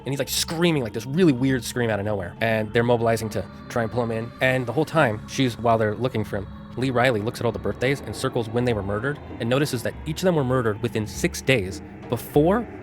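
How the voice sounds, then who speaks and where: A man giving an unscripted, rambling and animated retelling of a horror film. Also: medium pitch, fast, hardly any pauses, over music. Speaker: streamer.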